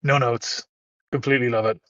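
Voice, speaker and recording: A man's voice: mid-range voice, steady tone, brisk, a bit bright, no echo, dull audio. A man hosting a casual live-streamed chat, upbeat and effusive. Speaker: host.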